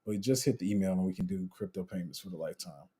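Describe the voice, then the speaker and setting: Husky, low-voiced livestream host. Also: male voice, quick pace, warm tone. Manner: chatty, slangy, trails off and restarts while multitasking. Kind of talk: casual live Q&A, reading chat.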